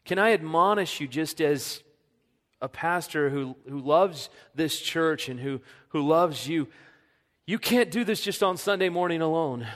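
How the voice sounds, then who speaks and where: Male pastor, earnest sermon delivery, slightly high voice, long church-hall reverb, hushes for quoted lines. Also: expressive, unhurried. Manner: earnest, drops to a soft hush when quoting God.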